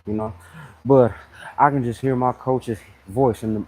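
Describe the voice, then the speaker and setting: A man in his thirties hosting a casual live fitness chat, blunt and animated, full of slang, often mimicking other people in a higher voice. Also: measured pace, pauses often, poor audio. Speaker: fitness channel host.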